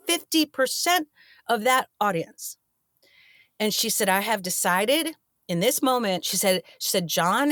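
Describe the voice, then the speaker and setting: A middle-aged woman tells a backstage story in an interview, slipping into the voices of the people she quotes. Her voice sits at an average pitch and sounds close and dry. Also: no room sound. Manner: animated, acts out quoted dialogue. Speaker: actress guest.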